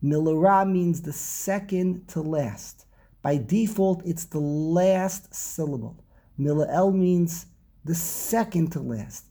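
A man teaching an informal Torah class, explaining slowly and often repeating and restarting his words. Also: a little high, warm tone.

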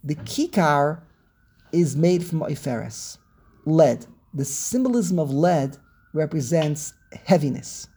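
A man teaching a text class over a video call, weaving Hebrew terms into English, pausing and repeating words as he searches, and posing questions he then answers. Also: fairly high pitch, lively intonation, warm tone, breathy edge. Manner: asks and answers his own questions. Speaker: Torah teacher.

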